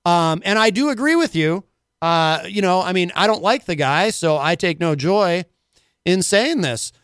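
Chatty New radio host. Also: male voice, high voice, expressive, a little slow, a bit bright, smooth, dry recording, clean studio sound. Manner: rambling, many filler words. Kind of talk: casual talk radio.

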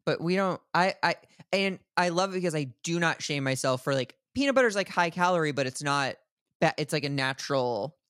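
A man's voice: on the high side, expressive, fairly quick, fairly bright tone, smooth, dry recording, clean studio sound. A young man co-hosting a podcast, chatting candidly and laughing often. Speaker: podcast co-host. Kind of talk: casual chat.

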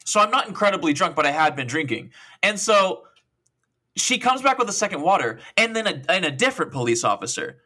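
A man's voice: sits high, brisk, slightly rough. A young man in his twenties co-hosting a podcast, telling a long, profane story casually with lots of quoted dialogue. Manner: rambling, profane, animated retelling with quoted dialogue. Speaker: podcast co-host.

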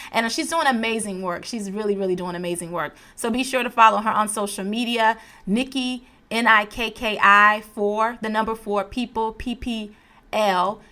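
A woman's voice: medium pitch, pushed and bright. A woman hosting a podcast, chatting enthusiastically with her guest and laughing often. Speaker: podcast host. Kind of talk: casual interview chat.

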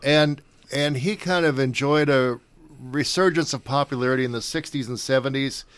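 An older man talks in a loose, halting way, stopping for fillers and starting over. His voice sits at an ordinary pitch. The sound is dry and close. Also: fairly bright tone, clean tone, no room sound. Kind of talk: casual chat.

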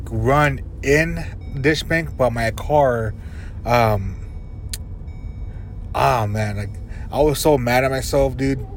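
A man hosting a podcast, telling stories in a rambling, casual way, swearing and chuckling as he talks from inside his car. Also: medium pitch. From Arizona reservation. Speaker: podcast host. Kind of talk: casual storytelling. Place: inside a car on a dirt road. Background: faint vehicle noise.

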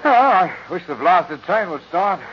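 An actor playing a cheery young Australian cavalry lieutenant with an Australian accent in a 1940s radio drama, hearty and slangy. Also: male voice, high voice, sing-song, unhurried, a little hiss or hum. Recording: dull lo-fi old radio recording.

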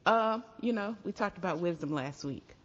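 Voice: medium pitch, animated, moderate pace. A podcast co-host chatting casually with a dry, sarcastic, teasing edge. The sound is dull and lo-fi. A long reverb trails behind every phrase. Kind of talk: casual chat.

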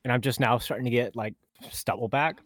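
A man's voice: mid-range voice, steady tone, a little fast, a bit bright, dry recording. Young male co-host, laid-back joker, mid-range voice, dry close sound. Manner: joking, laughs often, storytelling. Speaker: podcast co-host. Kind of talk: casual chat.

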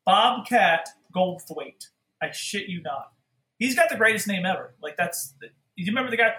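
High bright excitable man in a roomy space. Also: normal speed. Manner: excitable, laughs easily. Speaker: podcast co-host. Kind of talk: casual movie discussion.

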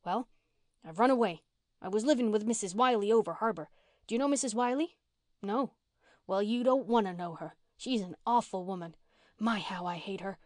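A scrappy, half-starved runaway girl of about twelve, as a woman reader puts her on, rattling on in blunt country slang. Her voice sits up high and carries, and the recording is dry and close, with no room around it. It fits a storybook read aloud. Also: moderate pace, darkish tone, no room sound, close to an everyday voice. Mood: chattering. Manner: rough country dialect, blunt and chattering.

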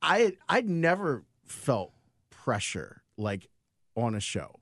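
A man in casual chat, halting and hedging often. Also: mid-range voice, sing-song, a bit bright, no room sound, clean studio sound.

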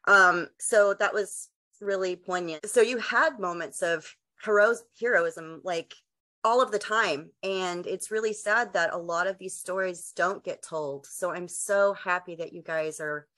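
A woman's voice: on the low side, measured pace, pushed and bright. A woman hosting an interview, talking earnestly and conversationally. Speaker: interviewer host. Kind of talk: casual interview chat.

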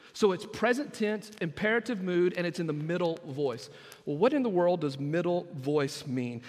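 A man preaching a sermon as pastor, emphatic and swinging between quiet, drawn-out phrases and loud bursts. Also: high voice, expressive, big-room sound.

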